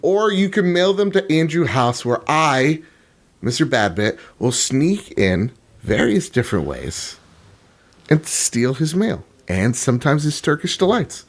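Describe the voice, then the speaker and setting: A man's voice: fairly high pitch, very animated, measured pace. Rambling, profane man telling comic bits. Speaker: podcast co-host. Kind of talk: casual comedic chat.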